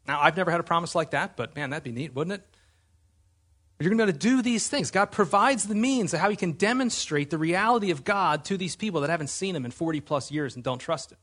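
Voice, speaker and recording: A man's voice: high voice, expressive, a little fast, a bit bright, husky. A man preaching a sermon as pastor, earnest and emphatic, asking his listeners rhetorical questions.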